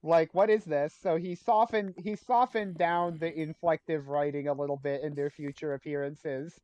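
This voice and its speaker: A man's voice: on the high side, fairly even intonation, normal speed, a little mellow, no echo, dull audio. A man chatting casually with friends while gaming, rambling through trivia and jokes. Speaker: gamer on a livestream.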